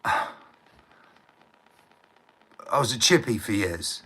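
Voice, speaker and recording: A man's voice: fairly low pitch, animated, very slow, bright, forceful tone, husky, low-quality recording. A middle-aged man talking on a live stream, in a heated rant that is full of swearing, repeated words and asks for agreement. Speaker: livestreamer. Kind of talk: ranting live stream monologue.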